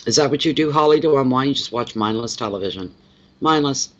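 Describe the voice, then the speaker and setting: A man's voice: medium pitch, fairly quick. Chatty man on a lo-fi live stream. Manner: chatty and rambling, repeats words, greets viewers by name. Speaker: tarot reader hosting a live stream. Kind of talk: casual live-stream chat with viewers. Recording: slightly dull lo-fi audio.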